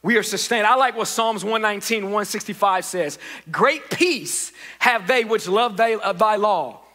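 A man's voice: high voice, moderate pace, sharp tone. A man preaching a sermon as pastor, building repeated refrains and calling for the congregation to answer back. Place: church sanctuary. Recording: reverberant church hall.

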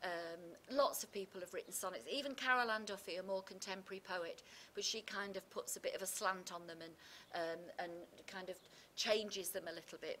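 A woman English teacher explains poetic form in a mid-pitched voice, sure of herself and leaning on key terms as she goes. It is a relaxed revision chat, with a faint hiss behind her. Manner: confident, explains terms with stressed words.

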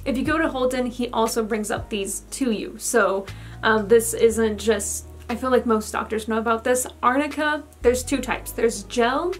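A young woman with a fairly high voice talks through a casual vlog update, chatty and candid, padding her sentences with fillers. She sounds a little out of breath as she goes. Soft music plays underneath her. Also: normal speed. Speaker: vlogger.

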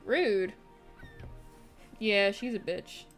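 A woman's voice: mid-range voice, extremely slow. A woman streamer giving casual, profanity-laced commentary while playing a video game. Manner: swearing, animated and reactive. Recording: faint music behind.

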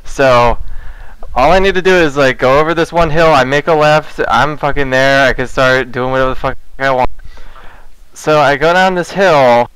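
A man's voice: medium pitch, normal speed, a bit bright, smooth, dry recording, poor audio. A man casually telling a rambling, profane story to friends, laughing through it.

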